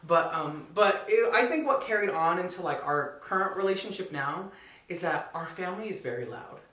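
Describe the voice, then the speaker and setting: A young man, a podcast guest, chatting casually in a loud, animated way. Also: high voice, moderate pace, echoey room, distant mic. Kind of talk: casual chat.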